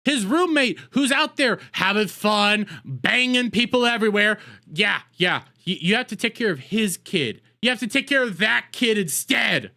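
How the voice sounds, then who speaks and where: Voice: medium pitch, animated, moderate pace, pushed and bright. A streamer giving casual reaction commentary in crude, profane, mocking rants.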